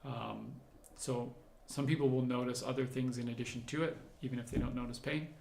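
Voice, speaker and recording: A man's voice: medium pitch, steady tone, a little fast, gravelly, a little mellow, echoey room, slight background noise. A man, a doctor, hosting a livestream Q&A, reading out viewer comments and answering them in a conversational, explanatory way. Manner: conversational, explanatory, thinks aloud while answering.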